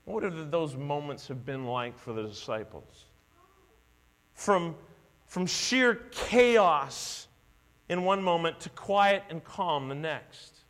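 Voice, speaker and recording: High-voiced man preaching in a hall. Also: lively intonation, slow pace, a bit bright. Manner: dramatic storytelling, acting out voices. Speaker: pastor. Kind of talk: sermon. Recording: echoey hall with mains hum.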